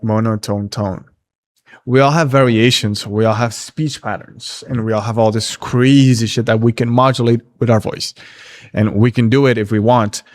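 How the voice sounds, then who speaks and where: A man with a mid-range voice runs a relaxed dating-advice Q&A on a livestream, reading out viewers' questions and replying with blunt, laid-back profanity. There's no room sound on the recording.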